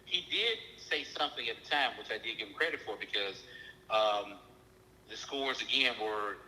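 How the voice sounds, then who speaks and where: A man casually telling a long personal story on a call, animated and jumping high in pitch when voicing his own frustration. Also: normal speed, reverberant, poor audio. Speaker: caller telling his experience.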